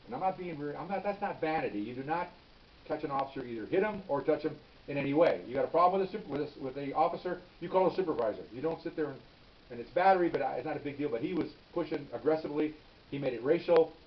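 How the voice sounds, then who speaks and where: A man's voice: fairly high pitch, animated, fast talker. An older man, a retired police officer, telling a story in a plain-spoken, casual way, repeating words and checking in with "okay?". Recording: distant, dull lo-fi recording.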